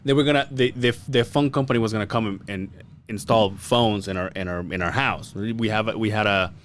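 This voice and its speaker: A man's voice: fairly low pitch, brisk. A man co-hosting a podcast, telling a story in a loose, profane, laughing way. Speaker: podcast co-host. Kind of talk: casual storytelling chat.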